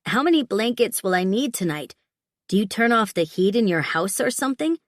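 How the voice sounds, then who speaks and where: A woman's voice: medium pitch, lively intonation, a little fast, dry recording, studio quality, close to an everyday voice. Teasing young heroine, read by a woman. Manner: light, teasing and questioning. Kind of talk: audiobook character voice.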